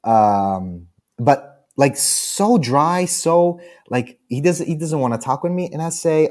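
A man from Italy with an Italian accent, a guest in an interview, telling anecdotes in a lively way and often laughing. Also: a little high, slow. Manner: animated storyteller, laughs often, acts out quoted lines.

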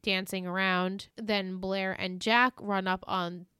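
A woman co-hosting a podcast in casual chat, recapping scenes with animated retellings. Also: mid-range voice, slow, clean tone, no room sound, studio quality. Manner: animated retelling, acts out quoted lines in exaggerated voices. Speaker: podcast co-host.

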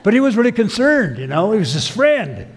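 A man's voice: high voice, sing-song, fairly quick. A man preaching a sermon, telling stories with emphatic, acted-out quotes. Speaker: pastor. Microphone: filmed sermon.

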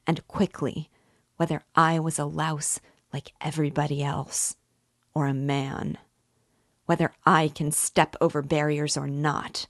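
A woman's voice: sits low, no echo, studio quality. A woman reading the part of a feverish, tormented young man in an intense confessional monologue, as an audiobook reading.

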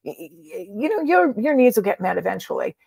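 A woman's voice: mid-range voice, big pitch swings, brisk, gravelly, a little mellow, slightly rough, dry recording, clean studio sound. A middle-aged woman, a coach being interviewed, telling stories in a casual chat and acting out the dialogue she quotes. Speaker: transformation coach guest.

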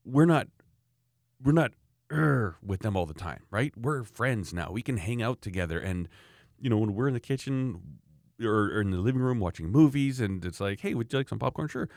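A man's voice: lowish voice, lively intonation, normal speed, darkish tone, no room sound, studio quality. A man from Canada talking casually about raising children, emphatic and rambling, often restarting his sentences. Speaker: parent sharing views. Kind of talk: casual opinionated chat.

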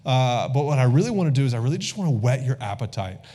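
A man in his thirties preaches to a congregation in a church sanctuary. His voice sits at a middle pitch. He keeps an easy call-and-response rhythm and asks the room for amens. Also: sing-song, fast, mellow. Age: 30s. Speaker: pastor. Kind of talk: sermon.

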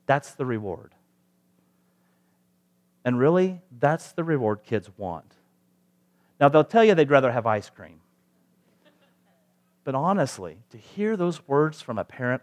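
A man's voice: medium pitch, expressive, moderate pace, pauses often, a little mellow. A male pastor preaching a sermon in a conversational way, asking the congregation rhetorical questions.

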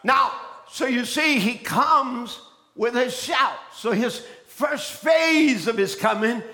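A man preaching a fiery sermon, shouting his points, calling out to the congregation and often repeating and restarting phrases. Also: very high voice, takes it slowly. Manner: preaching with shouted exclamations and call-and-response.

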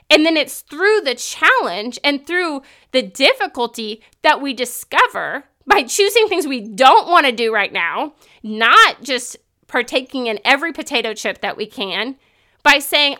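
A woman's voice: high voice, sharp tone. A woman in her thirties giving an earnest, emphatic faith-based talk, acting out inner thoughts in quoted voices. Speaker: Christian speaker.

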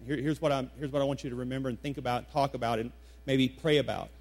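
A pastor in his forties preaches a sermon to his congregation in a church sanctuary. His medium-pitched, darkish voice moves fast with fairly even intonation, and he speaks conversationally, using emphatic repetitions and putting questions to the room.

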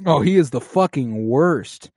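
A man recapping a show in casual chat, animated and profane, laughing often. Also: on the high side, unhurried, breathy edge, dry recording.

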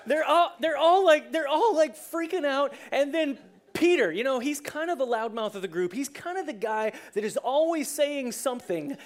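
A preacher delivering a sermon in a conversational way, telling the story with lively asides and acting out the scenes. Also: high voice, normal speed. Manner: animated storyteller who acts out scenes.

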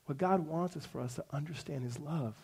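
High-voiced man preaching a sermon. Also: a little fast, gravelly, husky. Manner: conversational preaching, swinging from hushed to emphatic. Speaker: pastor.

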